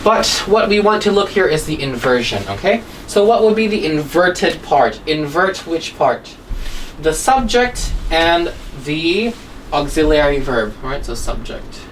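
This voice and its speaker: A woman's voice: low-pitched, animated, measured pace. Woman teacher, distant mic, "okay?" tags. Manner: checks in constantly with "okay?" and "right?". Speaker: English teacher. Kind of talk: grammar lesson, explaining. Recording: distant mic with faint room noise.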